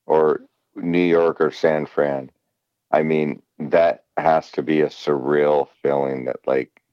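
A male co-host with an extremely deep voice tells stories in a slow, reflective way. His mic sounds dull and lo-fi, in a dry room. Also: smooth, dry recording. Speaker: podcast co-host. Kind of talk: casual podcast chat.

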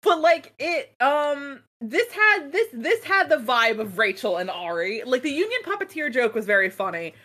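A woman co-hosting a casual podcast chat, rambling and animated, swearing freely. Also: high-pitched, normal speed, few pauses. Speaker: podcast co-host.

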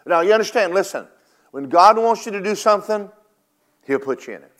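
An older man preaching a sermon, rising loud and high on key points, then dropping low and quiet to tell stories. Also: animated, a little fast.

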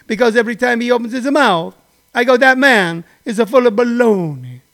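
A man voicing an indignant, exaggerated Italian-American man in broken English. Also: very high-pitched. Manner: broken-English put-on Italian accent, emphatic.

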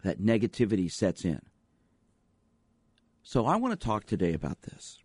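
A man's voice: fairly low pitch, huge pitch swings, moderate pace, darkish tone, slightly rough, no echo. A man hosting a radio show as a sports psychologist, talking in an emphatic way with repeated rhetorical questions. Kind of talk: radio talk monologue.

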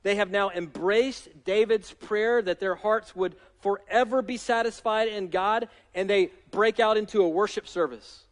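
A male pastor preaching a sermon in an energetic, emphatic way, with self-deprecating humor. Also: high-pitched.

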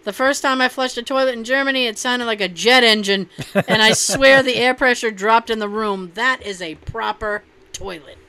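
A woman's voice: on the high side, normal speed, bright, forceful tone, smooth. A woman hosting a casual chat, reading posts aloud and reacting with loose, profane jokes. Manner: profane, laughing, loose and joking.

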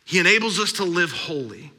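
A man's voice: high-pitched, big pitch swings, a little fast, bright, forceful tone. A man in his thirties preaching a sermon as pastor, emphatic and repetitive. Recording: long hall reverb.

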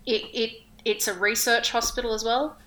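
A woman's voice: a little high, steady tone, normal speed, noisy background. An Australian woman co-hosting a casual chat, talking in a chatty way with lots of fillers. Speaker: podcast co-host.

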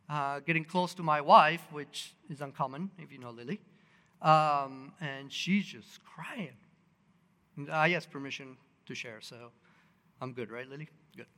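Delivering a sermon, this man speaks in a voice on the high side, animatedly telling personal stories, acting out people's quotes, and using many fillers and restarts. The sound carries a long reverb tail.

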